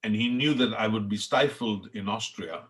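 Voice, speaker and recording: Here the Indian chef's voice is fairly low and slightly bright, at an ordinary speed. The middle-aged podcast guest, Indian-accented, recounts his story in a heartfelt, passionate interview.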